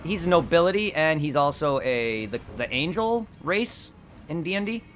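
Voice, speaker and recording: Rambling, excitable young man streaming. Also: fairly high pitch, moderate pace, faint music behind. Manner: rambling, excitable, swears a lot. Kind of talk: casual gameplay commentary.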